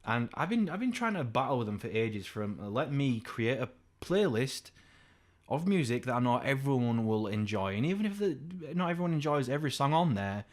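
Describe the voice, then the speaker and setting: A man's voice: very animated, fairly quick. A young man, co-hosting a podcast in casual, sweary chat and mimicking his father. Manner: swears freely, imitates his dad with raised pitch. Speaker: podcast co-host.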